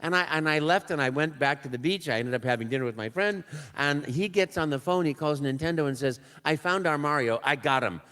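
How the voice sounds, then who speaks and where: Older man telling a lively anecdote. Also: on the high side, quick pace, few pauses, clean tone, long reverb tail. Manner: lively, acts out quotes and sound effects. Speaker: guest voice actor on a panel. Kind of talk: anecdotal storytelling. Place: convention panel stage.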